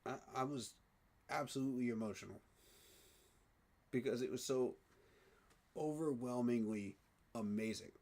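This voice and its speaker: Emotional, excitable man. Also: mid-range voice, normal speed, long pauses. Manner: emotional, excited, repeats himself. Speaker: sports fan vlogger. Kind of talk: casual fan reaction vlog.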